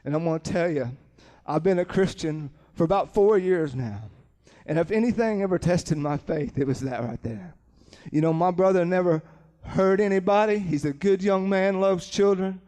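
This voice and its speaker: A man with a somewhat high voice tells a personal testimony in an earnest, plain-spoken way. He retells events vividly, acts out what people said, and stumbles over repeated words when the story moves him. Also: normal speed, a little mellow. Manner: vivid, dramatic retelling with acted quotes. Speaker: speaker giving a Christian testimony.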